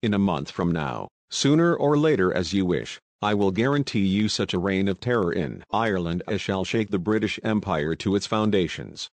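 A man's voice: sits low, animated, moderate pace, few pauses, dry recording. A man voicing a blunt rebel plotter who demands money, with a rich voice and a curt, insistent manner.

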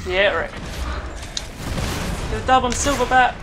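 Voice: medium pitch, slow, background noise. A gamer giving live commentary on their own play, groaning often and swearing at opponents on screen. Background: game music.

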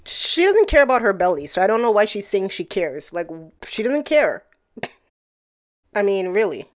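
A woman's voice: mid-range voice, big pitch swings, unhurried. A woman hosting casual commentary, chatty, laughing between points and talking straight to the people she discusses. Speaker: commentary channel host.

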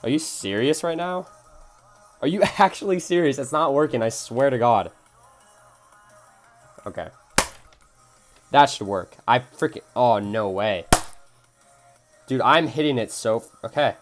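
A man's voice: mid-range voice, lively intonation, unhurried, pauses often, soft background music. A young man live-streaming a mobile game, swearing at his phone and answering chat as he plays. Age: young adult. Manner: frustrated, swearing, reading chat aloud. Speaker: gaming streamer.

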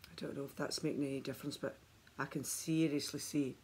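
A woman's voice: extremely low pitch, steady tone, brisk, a little mellow, breathy edge. A woman vlogging a skincare demonstration at home, chatty and enthusiastic as she talks straight to her viewers on the camera mic. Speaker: beauty vlogger.

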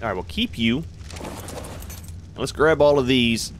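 A man's voice: medium pitch, unhurried, slight background noise. A man hosting a gaming channel, giving casual commentary as he plays and chatting to his creatures in a laid-back way.

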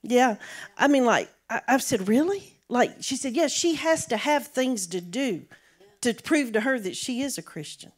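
A woman's voice: on the high side, expressive, normal speed. A woman church member telling a story to the congregation, hesitant, with many fillers and restarts. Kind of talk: casual testimony.

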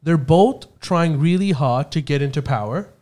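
Podcast guy explaining politics, lots of uh and restarts, slightly high voice. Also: animated, dark tone. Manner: halting, many fillers and restarts, explanatory. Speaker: podcast co-host.

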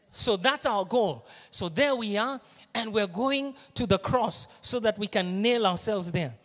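Kenyan male pastor, high voice, lively sermon delivery, echoing hall. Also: measured pace. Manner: animated preaching, shifts between hushed asides and loud emphasis. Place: church auditorium.

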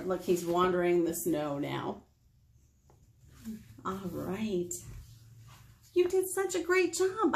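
A woman librarian reading a picture book aloud to young children, gentle and encouraging. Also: medium pitch. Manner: gentle, encouraging, sing-song. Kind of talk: storytime read-aloud for children.

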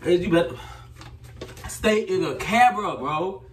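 Brief: young man, high lively voice, teasing and boastful, recorded off-mic in a noisy room. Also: unhurried, distant mic, crowd noise. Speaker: vlogger. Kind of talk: casual teasing vlog banter. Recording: roomy sound from off-mic with loud background noise.

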